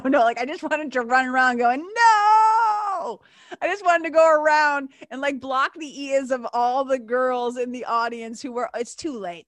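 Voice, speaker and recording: Podcast host, woman in her fifties: lively, swears freely, slips into playful voices; dry booth sound. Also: medium pitch, dry recording. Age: 50s. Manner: animated storytelling, acts out silly voices, swears freely. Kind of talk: casual solo podcast talk.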